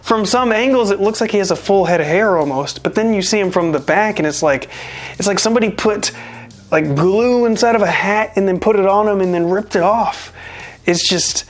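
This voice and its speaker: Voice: mid-range voice, moderate pace. A wrestling show reviewer giving a casual, rambling spoken recap, full of wry, self-deprecating jokes and asides. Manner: rambling and chatty, with jokey asides.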